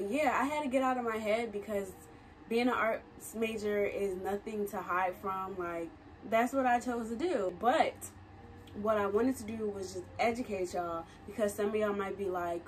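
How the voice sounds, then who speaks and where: A woman's voice: medium pitch, a little slow, far from the mic, slight background noise. A woman in her twenties, a recent college graduate, chatting casually to camera in a vlog, laughing often and using slangy asides. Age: 20s. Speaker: vlogger. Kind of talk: casual talking-head vlog.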